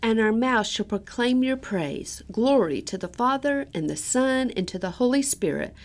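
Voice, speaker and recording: A woman reads scripture and liturgical responses clearly and reverently. Her pitch moves a great deal, giving the reading a lilting rise and fall. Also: animated, normal speed. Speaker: prayer co-leader.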